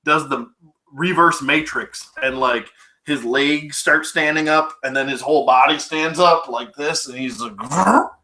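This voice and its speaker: Male film reviewer, casual and rambly, swears and laughs a lot, crisp bright tone. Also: on the high side, measured pace. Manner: rambling, laughing, profane, full of fillers. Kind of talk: casual movie recap.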